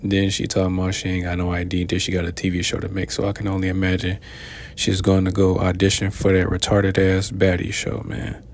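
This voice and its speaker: A man with a very deep, flat, gravelly voice hosts his own commentary show. He rambles in a preachy way, filling his talk with fillers, over a faint low rumble. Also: fairly quick. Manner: rambling, many filler words. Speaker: commentary channel host. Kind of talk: preachy commentary on played clips.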